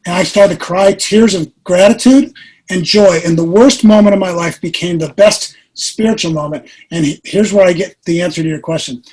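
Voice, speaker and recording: A man in his forties tells a personal story as a guest in an interview. His voice sits fairly high and has a husky edge. He talks in an earnest, animated way and pokes fun at himself. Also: moderate pace, low-quality recording. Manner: earnest, animated retelling with self-mocking laughs.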